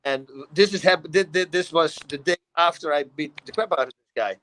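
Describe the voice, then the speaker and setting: A middle-aged man with a Dutch accent, telling animated stories in a casual talk show. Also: on the high side, brisk, low-quality recording. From Netherlands. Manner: animated storytelling, acts out quotes, laughs often. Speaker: guest. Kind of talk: casual storytelling.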